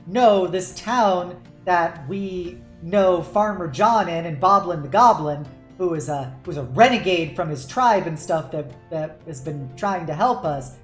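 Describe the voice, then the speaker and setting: A woman's voice: lowish voice, darkish tone, roomy sound. A woman hosting a casual streamed panel as game master, chatting loosely with frequent laughs and casual swearing.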